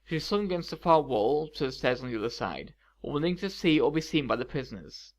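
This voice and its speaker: A man reads a fantasy story aloud at an even, measured pace. His voice sits a bit higher than most men's, and he carries the narration with calm, steady control. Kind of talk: audiobook reading of fan fiction.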